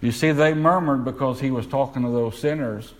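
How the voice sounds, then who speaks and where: A man preaching a sermon, putting questions to the congregation and slowing down to stress key words. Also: mid-range voice, rough recording.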